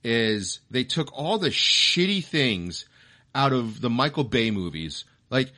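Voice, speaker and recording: Man, podcast co-host, ranting, swears a lot, casual review chat, middle pitch. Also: big pitch swings, slow pace, pushed and bright.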